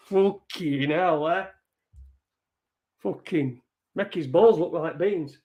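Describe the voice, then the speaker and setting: Sweary high-voiced man. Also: slow pace, pauses often, mellow. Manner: sweary, mocking, reads out messages. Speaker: online show host. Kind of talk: casual live-stream rant.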